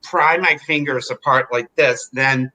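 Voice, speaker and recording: A man telling a personal story in an animated, chatty way, full of fillers. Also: medium pitch, a little slow, low-quality recording. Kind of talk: live storytelling.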